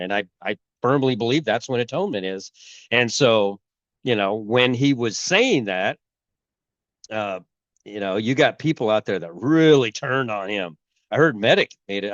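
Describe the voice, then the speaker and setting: A man hosting a casual religious commentary video, rambling and halting, with a cold and a sore throat. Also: medium pitch, no echo, highs cut off. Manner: rambling, halting, many restarts. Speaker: YouTube host.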